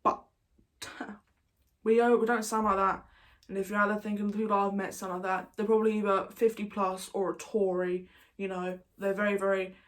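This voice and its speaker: A young woman with an English accent talks casually to her camera in a mid-pitched voice. She rambles loosely from one tangent to the next, with a chatty, unpolished delivery. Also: flat delivery, moderate pace. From England. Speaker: YouTuber. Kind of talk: casual vlog chat.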